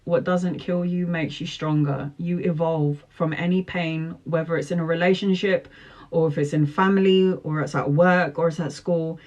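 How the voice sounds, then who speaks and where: A woman's voice: low-pitched, steady tone, normal speed, darkish tone, muffled recording. A woman in her forties, a tarot reader, talking live to viewers and answering their questions in an earnest, emphatic, motivational way, repeating slogans.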